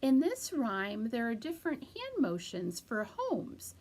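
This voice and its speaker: Woman, children's librarian, storytime, slow and animated, sound effects. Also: fairly high pitch. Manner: animated, with sound effects and hand-motion rhymes. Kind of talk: storytime reading and rhymes for children.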